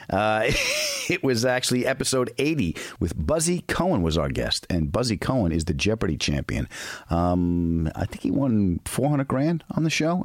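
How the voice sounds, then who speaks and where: A man's voice: lowish voice, dry recording, clean studio sound. A middle-aged man hosting a podcast alone, chatting casually and telling a funny story. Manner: chatty, storytelling, laughs often. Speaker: podcast host. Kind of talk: casual solo podcast intro.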